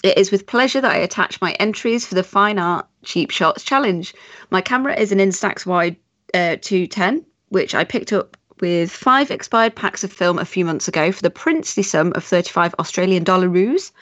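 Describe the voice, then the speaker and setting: A woman's voice: on the low side, animated, moderate pace, a bit bright, dry recording. A woman co-hosts a casual podcast and reads out listener emails, breaking off for amused little asides. The sound is slightly muffled and very dry. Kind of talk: casual podcast chat and reading aloud.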